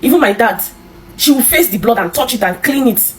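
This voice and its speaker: A Nigerian woman telling her own life story in an interview, halting and repeating herself, with many restarts. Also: on the high side, animated, a little mellow, poor audio. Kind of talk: emotional personal storytelling.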